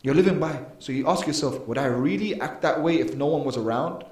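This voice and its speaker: A man's voice: on the high side, brisk, a little mellow. A man giving an earnest mosque lecture, emphatic, with sudden rises and drops in volume. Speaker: preacher. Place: mosque hall. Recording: echoey mosque hall.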